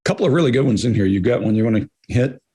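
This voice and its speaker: A man co-hosting a live Q&A, talking fast and explaining things, with a hoarse voice. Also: medium pitch, lively intonation, warm tone. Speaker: co-host answering viewer questions. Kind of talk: live Q&A talk.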